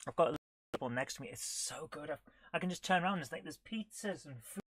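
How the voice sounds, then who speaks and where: A woman's voice: low voice, animated, quick pace, slightly rough, dry recording. A woman chatting casually on a live coding stream, giggling often and reading on-screen text aloud in a playful way. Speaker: retro gaming streamer.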